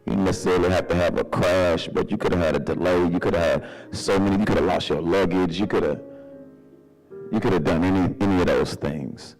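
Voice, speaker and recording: A man preaching a sermon in a church, animated and humorous, calling for responses from the congregation. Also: deep voice, a little fast, soft background music. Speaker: pastor. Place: church sanctuary.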